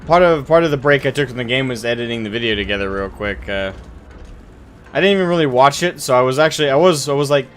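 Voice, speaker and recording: A man's voice: mid-range voice, expressive, fast talker, fairly bright tone, soft background music. Rambling male game streamer. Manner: rambling, thinking aloud with many fillers. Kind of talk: casual gameplay stream chat.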